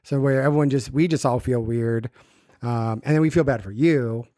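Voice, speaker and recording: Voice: medium pitch, moderate pace, mellow, dry recording. Cohost ranting and cursing, casual chat, dead dry mic. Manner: blunt, profane, venting. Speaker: podcast co-host.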